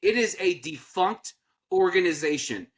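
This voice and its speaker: A man's voice: high voice, expressive, unhurried. A man co-hosting a sports podcast, ranting sarcastically and putting on mocking voices. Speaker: podcast co-host. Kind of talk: opinionated sports podcast rant.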